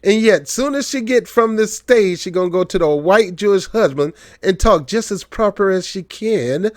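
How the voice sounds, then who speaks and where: A man's voice: high-pitched, moderate pace, hardly any pauses, no echo, clean studio sound. A man giving casual political commentary on his own channel, joking and mocking as he tells stories. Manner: joking, mocking, animated storytelling.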